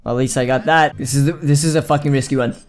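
A young man commenting on a video game as he plays, excitable and joking, with plenty of swearing. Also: medium pitch, fast talker, faint music behind. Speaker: gaming video host. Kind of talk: let's play commentary.

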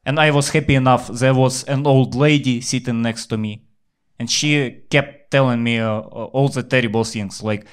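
Ukrainian guy doing standup in english, deadpan and blunt, swears a lot, mid pitch. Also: normal speed, smooth. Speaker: stand-up comedian. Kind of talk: stand-up comedy set.

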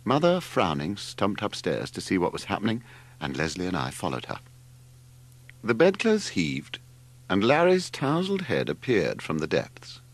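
An older man reading a novel aloud as audiobook narrator, in an expressive storytelling manner. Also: normal speed. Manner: expressive storytelling, wide swings in pitch. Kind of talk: scripted narration.

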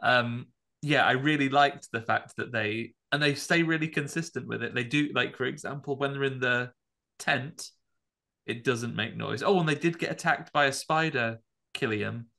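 A man's voice: medium pitch, moderate pace, vocal fry, bright, forceful tone. A man co-hosting a podcast, chatting casually and rambling through a film review with jokes. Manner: rambling, jokey, puts on voices in retellings. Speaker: podcast co-host.

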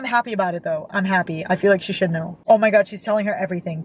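A woman's voice: mid-range voice, quick pace, few pauses, darkish tone, a little hiss or hum, low-quality recording. A young woman reading a novel aloud and reacting with emotional outbursts, as a book vlogger.

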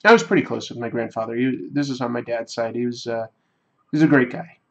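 A man hosting a livestream, telling a story in a rambling, reflective, halting way. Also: mid-range voice, lo-fi sound. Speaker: livestream host. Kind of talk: casual storytelling while drawing on a livestream.

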